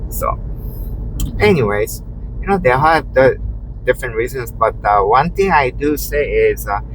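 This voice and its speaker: A man's voice: medium pitch, expressive, a little slow, a bit bright, low-quality recording. A man who drives rideshare, chatting while driving, rambling with lots of "you know" and restarts. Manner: acts out quotes in a raised voice. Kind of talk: casual storytelling while driving. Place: inside a moving car. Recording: faint car road noise.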